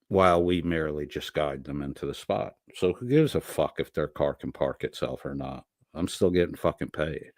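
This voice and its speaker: A middle-aged man hosting a livestream rambles through an unprepared monologue and casual chat, reading chat messages aloud with a profane, sardonic edge. His voice is low, with no echo.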